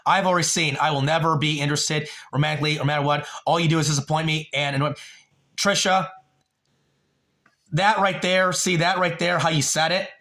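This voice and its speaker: A man's voice: fairly high pitch, fairly even intonation, a little fast, bright, forceful tone. A man on a home livestream, talking emotionally and rambling, with frequent swearing, addressing a viewer by name.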